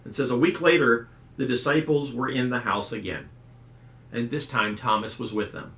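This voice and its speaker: A man's voice: medium pitch, normal speed. A middle-aged man, a youth pastor hosting a casual devotional talk, telling folksy stories and acting out voices. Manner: folksy storyteller, animated quoted voices. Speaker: youth pastor and video host. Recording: roomy echo.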